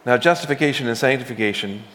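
The sermon comes at a fast clip from a male pastor with a medium-pitched voice, easygoing in tone but hitting key words hard. A large sanctuary's long reverb carries his voice.

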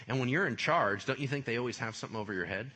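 A man preaching a sermon in a lively, conversational way, full of casual slang. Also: medium pitch, rapid-fire. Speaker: pastor.

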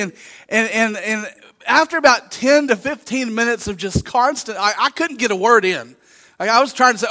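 A high, bright male voice preaching from the pulpit. He tells anecdotes with animated energy, acting out the other people's voices. The delivery is loose and conversational, full of asides to the congregation. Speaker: pastor. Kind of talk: sermon.

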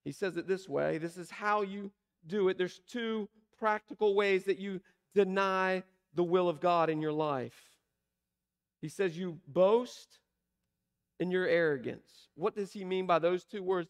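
A man preaching a sermon, asking emphatic rhetorical questions and slowing down to stress key words. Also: sits high, clear, resonant tone. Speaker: pastor.

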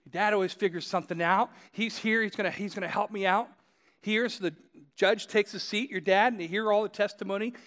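A pastor preaching a sermon, talking to listeners directly in a conversational storytelling way and repeating phrases for emphasis. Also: male voice, sits high, steady tone, brisk, fairly bright tone.

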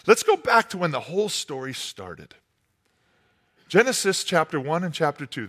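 Lively, bright-voiced male pastor. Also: fairly high pitch. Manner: lively storytelling with playful character voices; conversational, uses fillers like "like" and "you know". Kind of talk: sermon.

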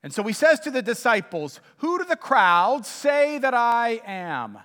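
Man, pastor, lively high-pitched sermon voice, church echo. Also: a little slow. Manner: animated storytelling preacher.

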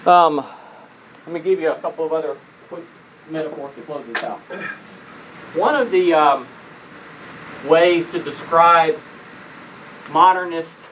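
A man's voice: a little high, a little slow, long pauses, fairly bright tone, a little hiss or hum, rough recording. A man speaking conversationally to an audience, telling personal stories and asking listeners rhetorical questions. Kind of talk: conversational lecture.

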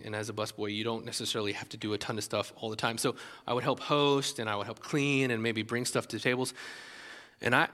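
A man preaching a sermon as pastor, animated and conversational, with many restarts. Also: medium pitch, big-room sound.

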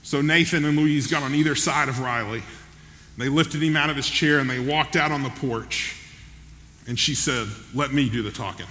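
A man with a fairly high, pushed, bright voice preaches a sermon at a moderate pace, with a slight hiss or hum in the background. He tells a story in a folksy, conversational style and checks in with his listeners. The recording carries the long reverb of a large hall.

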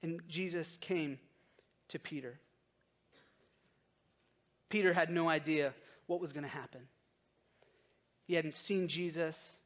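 High-voiced man preaching conversationally. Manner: conversational storytelling preaching, acts out quotes. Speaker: pastor. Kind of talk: sermon.

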